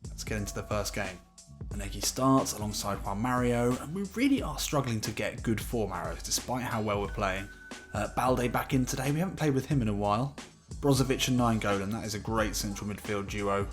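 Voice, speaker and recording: A man commentating on his own football video game play, getting excitable at the chances. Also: fairly low pitch, fairly quick, soft background music. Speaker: gaming YouTuber. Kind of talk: gameplay commentary.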